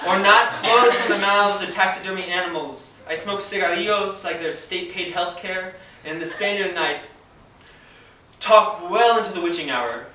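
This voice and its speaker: A man's voice: sits high, moderate pace, a crowd in the background. A man telling a vivid, wry personal story on stage, laughing often at his own tale. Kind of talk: live storytelling performance. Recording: echoey room, distant mic.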